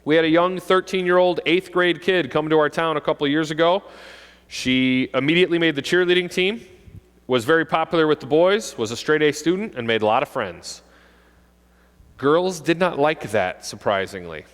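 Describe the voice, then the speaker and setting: A middle-aged man, a police officer, giving an animated talk to parents and acting out kids' voices. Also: on the high side, moderate pace, smooth. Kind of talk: presentation to an audience. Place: school hall. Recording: long hall reverb.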